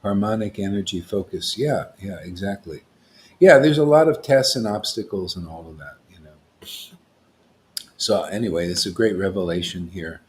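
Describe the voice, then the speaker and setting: A man leads an informal spiritual talk in a fairly low voice. He rambles from point to point and keeps checking in with his listeners. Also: moderate pace, a little hiss or hum. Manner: rambling, peppered with "see?" and "you know". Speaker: spiritual teacher.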